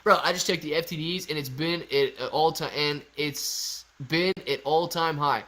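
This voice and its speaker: A man hosting a casual live stream, chatting excitably with viewers and laughing often. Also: a little high, normal speed. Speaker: livestream host reading chat.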